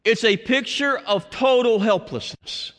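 Male pastor mid-sermon, expressive high voice with long church-hall reverb. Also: unhurried. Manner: dramatic preaching, dropping to hushed tones and rising to shouts.

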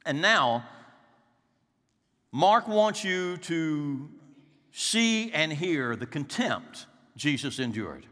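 A male pastor delivers a slow, dramatic sermon, his pitch rising and falling widely as he moves from loud peaks to hushed lows. His voice sits somewhat high and has a bright, forceful edge. A long reverb trails each phrase, as in a church sanctuary. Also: sing-song.

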